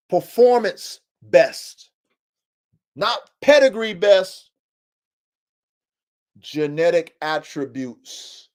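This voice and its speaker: Emphatic high-voiced man lecturing. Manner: emphatic, preachy, repetitive lecturing with casual slang. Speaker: podcast host. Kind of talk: livestream podcast monologue.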